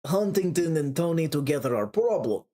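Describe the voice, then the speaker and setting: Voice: medium pitch, animated, normal speed, dark tone, lightly acted. A reader voicing a terse man who speaks in clipped, broken English. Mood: blunt. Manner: blunt, clipped short sentences.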